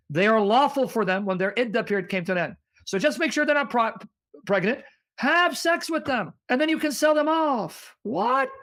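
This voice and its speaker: A man hosting a livestream, reading passages aloud in a forceful, combative way and pressing the caller with questions. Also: high-pitched. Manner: forceful, combative, reads sources aloud, breaks into singing. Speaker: livestream host. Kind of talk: heated debate livestream.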